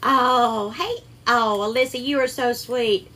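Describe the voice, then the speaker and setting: Southern woman, cooking stream host, crisp bright tone, a bit high, affectionate and chatty with viewers. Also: fairly even intonation, slow pace. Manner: chatty, greets viewers by name with terms of endearment. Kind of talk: casual live cooking stream.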